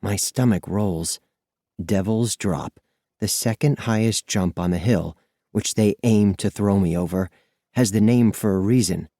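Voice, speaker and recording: Low, warm male audiobook narrator. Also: measured pace, no echo, studio quality. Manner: lively, expressive, breathless storytelling. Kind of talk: scripted first-person audiobook narration.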